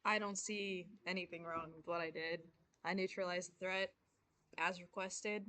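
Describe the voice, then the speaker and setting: Woman player in character, flat and even, bright dry voice. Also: fairly low pitch, moderate pace, no echo. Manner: flat, matter-of-fact. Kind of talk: in-character tabletop play.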